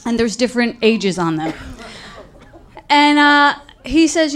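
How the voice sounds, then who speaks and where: High-voiced jersey woman telling a story live on stage, super animated. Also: slow, slight background noise. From New Jersey. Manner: animated, acts out kids' voices, laughing asides.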